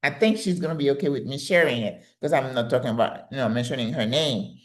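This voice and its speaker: A woman's voice: very deep voice, quick pace. Emphatic older woman giving advice. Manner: emphatic and direct, coaching tone. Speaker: channel host giving advice. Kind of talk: motivational advice talk.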